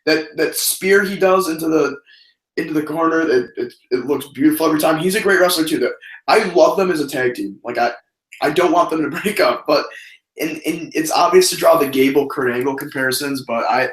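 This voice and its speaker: A man whose voice is on the high side talks a little fast, recorded in poor audio with a roomy sound. As co-host of a wrestling review podcast, he speaks casually and profanely. His animated delivery features mocking impressions.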